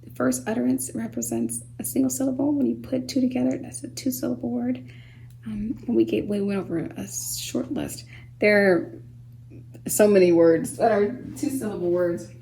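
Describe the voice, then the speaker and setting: A woman gives a phonics lesson for young children, her voice high with a gravelly edge and a mellow, darker tone. She sounds words out slowly and patiently, sometimes softening to a whisper. Faint background noise sits under the recording. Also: rough recording. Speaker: homeschool teacher.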